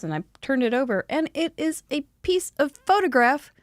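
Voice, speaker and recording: A woman with a high, squeaky voice hosting a live crafting show, chatty and giggly with playful exclamations. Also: sing-song, fairly quick, hardly any pauses, dry recording. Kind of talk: casual chat during a live craft show.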